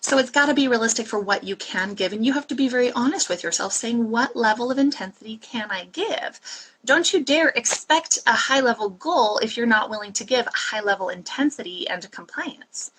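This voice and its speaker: Earnest higher-voiced woman coaching listeners. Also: animated, brisk, hardly any pauses, a bit bright, a little hiss or hum, rough recording. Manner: earnest, emphatic coaching talk with pep-talk asides. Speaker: fat-loss and mindset coach. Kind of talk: solo podcast monologue.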